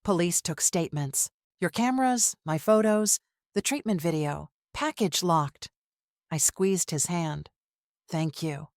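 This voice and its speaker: A woman narrating a dramatic first-person story in measured, clipped phrases. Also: lowish voice, lively intonation, a little mellow, dry recording, studio quality.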